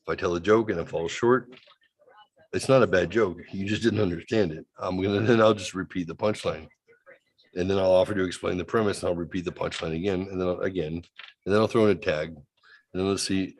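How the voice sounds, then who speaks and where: A man's voice: low-pitched, steady tone, fairly quick. A man co-hosting a casual comedy chat show, telling a rambling story, acting out what people said and laughing often. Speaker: co-host.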